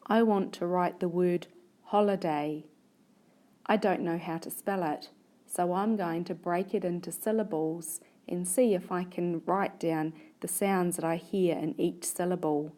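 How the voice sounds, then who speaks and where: A woman teaching a spelling lesson, slowly stretching words into syllables and sounding out each letter. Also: fairly low pitch, fairly even intonation, mellow. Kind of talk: slow, deliberate classroom spelling lesson.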